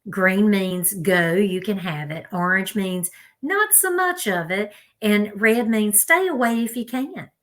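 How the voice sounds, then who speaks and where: A woman's voice: mid-range voice, a bit bright. A woman with a Southern US accent, talking casually and directly to her viewers as she runs through food advice. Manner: chatty, direct, talks to viewers as "y'all". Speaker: health vlogger.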